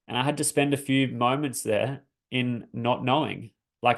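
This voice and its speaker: An Australian man coaches his listeners through a reflective personal talk, telling his own story in an earnest, searching way and often restarting phrases. His voice is creaky and medium-pitched with little pitch movement, at normal speed.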